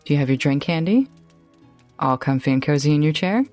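A woman's voice: low-pitched, animated, fairly quick, darkish tone, faint music behind. A woman running a tabletop game as game master, chatty and descriptive.

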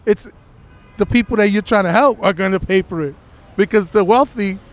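A man's voice: high voice, moderate pace, soft background music. A man interviewed on the street, ranting in a rambling, heated way full of "you know"s. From Latino heritage, United States. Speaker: passerby interviewee. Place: outdoors on a city street.

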